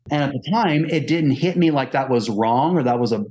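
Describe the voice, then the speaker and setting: A man's voice: medium pitch, brisk, hardly any pauses, a little mellow. Earnest man telling his story, lo-fi. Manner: earnest, conversational, acting out quoted dialogue. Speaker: autistic self-advocate. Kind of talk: personal storytelling to camera. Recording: dull lo-fi recording.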